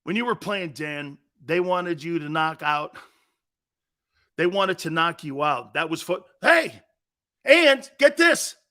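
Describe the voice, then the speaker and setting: Male sports show host, combative rant, high bright voice that swings all over the place. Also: expressive, slow. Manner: blunt, combative, mocking imitations of others. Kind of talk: opinionated sports radio rant.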